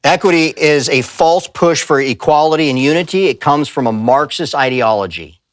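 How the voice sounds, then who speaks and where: A man's voice: fairly high pitch, moderate pace, dry recording, clean studio sound. A man giving a live talk in a church, speaking emphatically and telling stories with quoted voices. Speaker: pastor and speaker. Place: church sanctuary.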